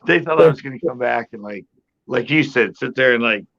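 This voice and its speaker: A man's voice: medium pitch, moderate pace, vocal fry, lo-fi sound. A man chatting casually on a podcast panel, telling a story with lots of laughter and acted-out quotes. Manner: animated storyteller, acts out quoted voices, laughs a lot.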